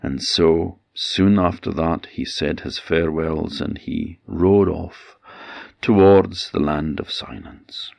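A man with an Orkney Scottish accent telling a folktale in a gentle storyteller's cadence that likes to repeat itself. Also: rumbling low, slow, creaky, dry recording, clean studio sound. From Orkney Islands, Scotland. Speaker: traditional storyteller.

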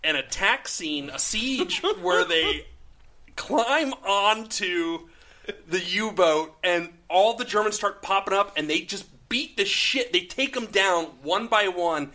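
A man casually recapping a film on a podcast, excited, swearing and acting out characters' lines. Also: sits high, slow pace. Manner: enthusiastic, swearing, acts out quotes. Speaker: podcast co-host. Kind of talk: casual movie discussion.

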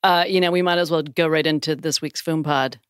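A woman's voice: sits low, fairly even intonation, brisk, clean tone, dry recording, studio quality. A woman co-hosting a podcast, teasing and laughing in casual chat. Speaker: podcast co-host.

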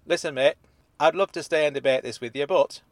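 A man voicing a polite but impatient male postal worker in an audiobook, with a brisk, firm, slightly exasperated manner. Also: fairly high pitch, no room sound, pitched above the performer's own voice, close to an everyday voice. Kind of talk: audiobook character voice.

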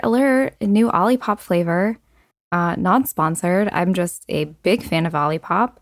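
A young adult woman hosting a solo podcast, talking casually with lots of "like" and "um" fillers and quick asides. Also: medium pitch, creaky, no echo, clean studio sound. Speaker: podcast host.

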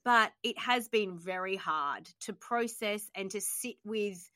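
A woman hosting an interview, talking fast and emotionally with lots of fillers while grieving. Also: mid-range voice, pushed and bright, no room sound, studio quality. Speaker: podcast host.

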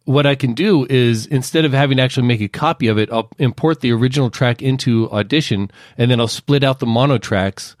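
A man working as an associate producer, calmly walking through his podcast editing process step by step in a casual chat. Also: mid-range voice, a little fast, few pauses, no room sound, studio quality. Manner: detailed, methodical step-by-step explaining.

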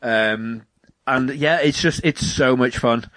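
A young man talks about a game he's hooked on, in a loose, animated chat full of swearing. He keeps slipping into little performances of what people said to him. His voice sits at a middling pitch, recorded dry and close with no room sound. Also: slow pace, dry recording. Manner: animated, swears freely, acts out quotes. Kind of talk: casual chat about video games.

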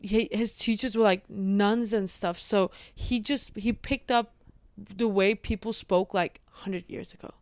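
A woman guest on a podcast, telling stories in a relaxed way with frequent hedges. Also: medium pitch, a little slow, dry recording, clean studio sound. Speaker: guest comedian. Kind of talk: casual chat.

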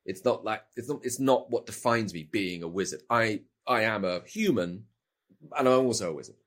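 A middle-aged British man, an actor appearing as an interview guest, chats casually in a lowish, expressive voice with a fairly bright tone and moderate pace. He rambles, often repeating words as he restarts his thoughts.

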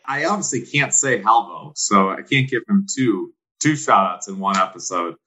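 A middle-aged man in relaxed conversation, earnest and reflective as he speaks. His voice sits on the low side for a man and has a bright, forceful edge. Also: normal speed, poor audio. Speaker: guest. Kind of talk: casual chat.

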